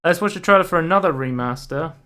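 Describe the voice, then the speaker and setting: A young man with a highish, smooth voice talks fast as a podcast co-host. In a relaxed, casual chat, he reads out game news, peppering it with frequent ums.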